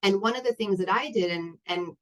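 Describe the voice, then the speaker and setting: A woman's voice: mid-range voice, fairly quick, a bit bright, rough recording. A woman in her thirties telling a personal story to an audience, candid and rambling with many fillers and restarts. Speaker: guest speaker.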